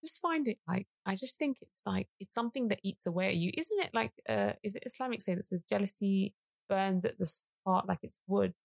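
Earnest young female co-host, gravelly, close dry sound. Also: medium pitch, a little fast, no echo. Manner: talkative, many fillers, earnest. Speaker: podcast co-host. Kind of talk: casual chat.

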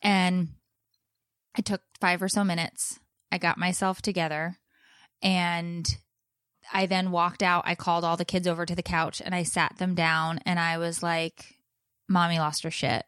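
A woman in her thirties co-hosting a chatty show, telling a story with lively acted-out bits. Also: fairly low pitch, a little slow, smooth, no room sound, clean studio sound. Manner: animated storyteller, acts out her own shouting. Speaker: podcast co-host. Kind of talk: casual chat, storytelling.

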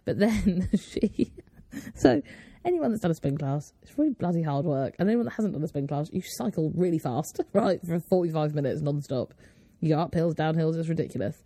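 A young woman in her twenties co-hosts a relaxed podcast chat. Her voice is gravelly and mellow, sitting a little low, and she tells chatty stories with frequent laughter, recorded dry on a close mic. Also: fairly quick, dry recording. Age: 20s. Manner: chatty storyteller, laughs often. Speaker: podcast co-host. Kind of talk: casual chat.

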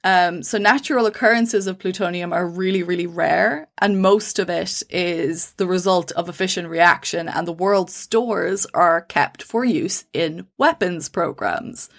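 A woman's voice: lowish voice, measured pace, creaky, few pauses, a bit bright. Chatty woman explaining science. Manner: explains science at length with fillers and restarts. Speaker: podcast co-host. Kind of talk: casual explanatory chat.

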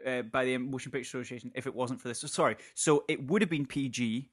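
A man's voice: mid-range voice, fast talker, dry recording, studio quality. Guy chatting films, laughs a lot, keeps restarting his sentences. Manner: animated, laughs often, rambling restarts. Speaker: podcast co-host. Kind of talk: casual film chat.

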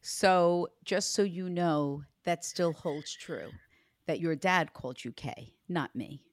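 Woman, psychic medium, earnest, reassuring, lowish pitch, dry sound. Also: takes it slowly, dry recording. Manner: earnest, reassuring, animated when retelling. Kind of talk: reading for a client.

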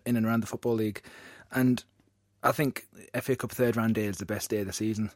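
A breathless man talks football as a podcast guest, quick and eager. His voice is fairly low and fast. The sound is dry and close. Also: level tone, darkish tone, no room sound. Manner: enthusiastic, quick. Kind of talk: casual football chat.

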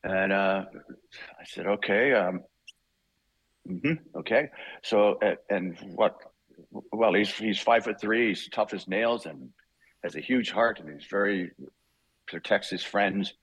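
Husky older man telling stories. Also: lowish voice, measured pace, no echo, low-quality recording. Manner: lively, laughing, acts out quotes. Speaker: guest voice actor. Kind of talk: casual anecdotal storytelling.

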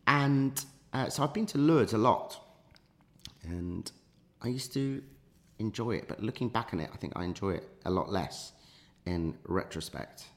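Rambling man with a low voice. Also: animated, measured pace. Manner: rambling anecdotal, many fillers and restarts. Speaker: podcast guest. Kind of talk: casual storytelling chat.

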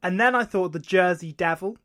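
Chatty man, slightly high voice. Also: fairly quick, a bit bright. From Devon, England. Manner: chatty storyteller, swears casually. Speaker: podcast co-host. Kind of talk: casual chat.

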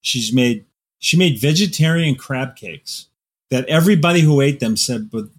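A man talking as a novelist guest on a podcast, telling animated stories and laughing often. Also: mid-range voice, moderate pace, husky. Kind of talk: casual podcast conversation.

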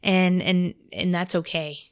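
A woman's voice: on the low side, fairly even intonation, slow. A woman hosting a casual faith podcast, telling a story and acting out her own prayers in between, with lots of "like". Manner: storytelling, heavy use of "like", quotes her own prayers aloud. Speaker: podcast host.

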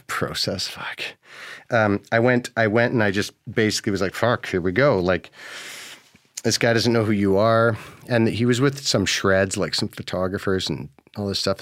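A man's voice: lowish voice, no echo, studio quality. A man hosting a podcast, telling a story casually, laid-back and sarcastic, swearing often. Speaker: podcast host.

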